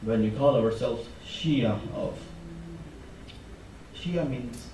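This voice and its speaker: A man's voice: mid-range voice, extremely slow, background noise. Impassioned man preaching in an echoey hall. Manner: impassioned, rising emphasis on repeated phrases. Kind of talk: sermon. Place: mosque hall. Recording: echoey hall, mic from far off.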